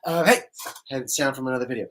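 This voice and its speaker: A man's voice: medium pitch, fast talker, a bit bright. A man hosting a live post-show discussion, greeting viewers by name in a loose, chatty way with lots of fillers. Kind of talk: casual live-stream chat.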